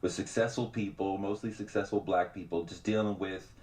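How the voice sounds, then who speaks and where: A middle-aged man telling stories as a guest on a radio show, animated and quick to act out the people he quotes. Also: low-pitched. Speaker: podcast host and journalist guest. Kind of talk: radio interview conversation.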